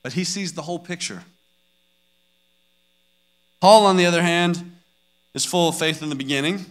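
A man in his thirties talks through a personal devotional message. His voice sits a little high and sounds bright and forceful. He tells his stories earnestly and acts out the scenes he describes. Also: normal speed. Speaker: father sharing a devotional message.

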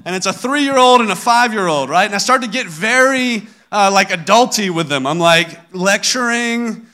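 A man's voice: a little high, animated, fast talker, few pauses, sharp tone. A man in his thirties giving a personal devotional talk as a father, telling stories earnestly and acting out family scenes. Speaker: father sharing a devotional message.

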